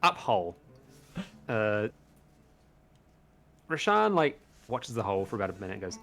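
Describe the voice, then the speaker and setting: A man's voice: fairly low pitch, very animated, normal speed, creaky, pauses often, a bit bright. A man narrating as game master of a tabletop game, casual and loose, swearing now and then. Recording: faint music behind.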